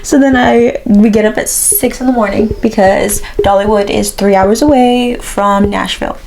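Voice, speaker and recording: A young woman chats casually as a podcast co-host, spinning a story with giggles, fillers and restarts. Her voice sits at an ordinary pitch for a woman. A faint hiss runs under the recording. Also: fairly even intonation, normal speed, creaky, a little mellow, low-quality recording. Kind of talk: casual chat.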